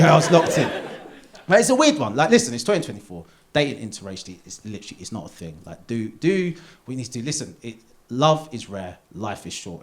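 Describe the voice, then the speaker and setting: A man doing a live stand-up set in a theatre, animated and jumping into high put-on voices for characters. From Essex, England. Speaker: stand-up comedian. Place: theatre stage. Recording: live theatre recording with audience noise.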